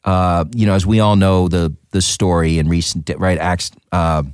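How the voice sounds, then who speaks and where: A man's voice: low voice, normal speed, clean tone, no echo, clean studio sound. A man, an actor, chatting casually in an interview and telling stories with lots of fillers. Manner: animated, storytelling with many fillers. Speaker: actor guest.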